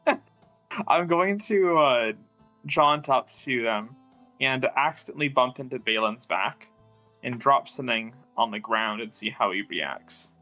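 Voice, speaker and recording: Bright-voiced man playing a tabletop game. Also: medium pitch, expressive, measured pace, faint music behind, poor audio. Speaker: player.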